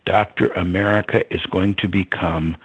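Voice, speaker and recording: A man voicing his old male guru in a story, teasing and sing-song, then slow and emphatic. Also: low-pitched, steady tone, gravelly, breathy edge, no echo, dull audio, exaggerated voice. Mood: solemn.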